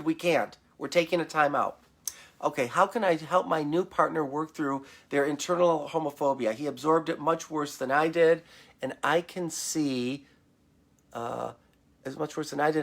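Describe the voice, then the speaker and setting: Guy therapist chatting live to his viewers, bit high voice, gravelly, does client voices. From Michigan, United States. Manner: animated, acts out client voices in a higher pitch. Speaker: therapist and show host. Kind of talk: casual live-stream talk answering viewer questions. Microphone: webcam or computer mic at home.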